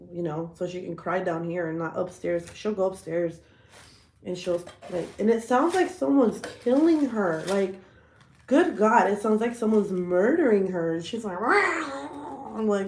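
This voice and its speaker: A woman, telling stories in a profane, animated way with frequent laughs during a casual livestream chat. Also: medium pitch, roomy sound, a little hiss or hum. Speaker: livestream host.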